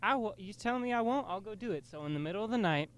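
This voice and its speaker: A man's voice: high-pitched, expressive, rapid-fire. A young man co-hosting a casual rooftop podcast, swearing and laughing easily as he tells stories. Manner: profane, laughs often. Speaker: podcast co-host. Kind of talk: casual chat. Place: outdoors on a rooftop.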